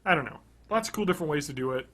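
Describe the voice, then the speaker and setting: A man in his thirties co-hosting a podcast, chatting casually and enthusiastically, rambling and swinging between loud bursts and quiet mumbles. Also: a little high, expressive, very fast. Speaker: podcast co-host. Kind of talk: casual chat.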